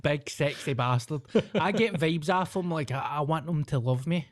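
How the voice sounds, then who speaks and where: A man's voice: a little high, normal speed, no room sound, clean studio sound. A Scottish man in his thirties with a Glasgow accent, hosting a podcast in sweary, self-mocking casual chat. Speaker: podcast host.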